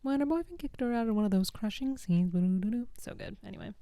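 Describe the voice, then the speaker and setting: A woman's voice: mid-range voice, animated, fast talker, dark tone, no room sound. A young woman co-hosting a casual podcast, enthusiastically recapping a TV episode, quoting characters and adding mock-exasperated commentary. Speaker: podcast co-host.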